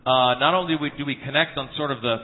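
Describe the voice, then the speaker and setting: A man's voice: medium pitch, very fast. Folksy preacher man in a big hall. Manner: earnest, folksy and humorous, with frequent restarts. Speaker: guest preacher at a church conference. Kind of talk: sermon with anecdotes. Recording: tinny phone-like sound in a reverberant hall.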